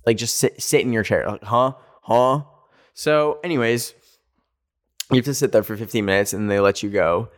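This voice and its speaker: A man hosting a podcast, telling a story in a casual, animated way with sassy asides. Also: lowish voice, brisk. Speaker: podcast host. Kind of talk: casual chat.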